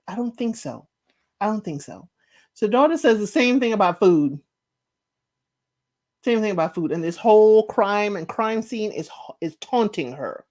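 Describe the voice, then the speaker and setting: A woman's voice: mid-range voice, darkish tone. A woman casually recapping a TV series, acting out the characters' lines with big swings in her voice. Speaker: podcast host recapping a TV series.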